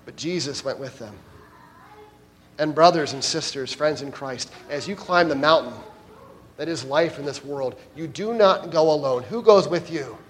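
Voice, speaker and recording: A man's voice: fairly high pitch, normal speed. A man preaching a sermon as pastor at a church service, addressing the congregation directly and earnestly.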